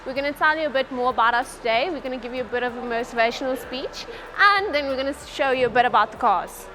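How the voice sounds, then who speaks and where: A woman giving a motivational talk to schoolgirls at a car dealership, lively and coaxing, often asking her audience questions. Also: high voice, fast, faint music behind. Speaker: motivational speaker at a workshop.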